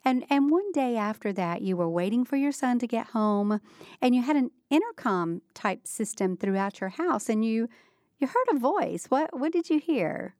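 A woman's voice: on the high side, animated, normal speed, darkish tone, no echo, studio quality. A woman interviewing a guest, prompting her story with encouraging recap questions. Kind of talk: conversational interview.

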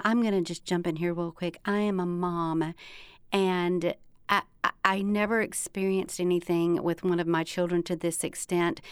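Soft slow-spoken woman host. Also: lowish voice, smooth, no room sound, clean studio sound. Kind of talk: talk show conversation.

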